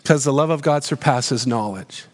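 A man preaching a sermon as pastor, earnest and questioning, slowing down to stress key phrases. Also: medium pitch. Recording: long hall reverb.

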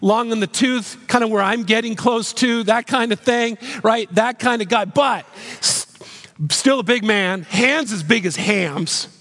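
High-voiced preacher in a hall. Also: male voice, unhurried, a bit bright. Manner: earnest, emphatic preaching with repeated rhetorical questions. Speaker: pastor. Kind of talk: sermon.

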